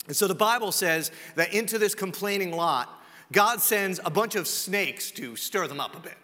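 A male pastor preaching a sermon, swinging between loud and hushed and slowing down to stress points. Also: high-pitched. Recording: long reverb of a large hall.

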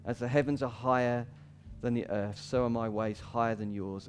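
A man preaching a sermon as pastor, talking casually with laughs between points, rising for quoted cries and dropping low and quiet for scripture. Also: steady tone, normal speed, soft background music.

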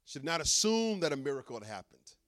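A middle-aged man, a pastor, preaching an animated sermon with humorous asides to his congregation. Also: fairly high pitch, fast.

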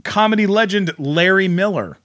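A man, a podcast guest in casual chat, retelling something with animated, incredulous energy and quick asides. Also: sits high.

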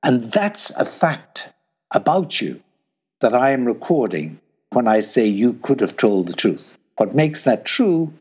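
A man with a husky voice explains ideas in a lively, swooping way, his pitch rising high when he acts out urging someone on. The recording sounds dull and lo-fi. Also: a little slow. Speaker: guest philosopher. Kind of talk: explanatory conversation.

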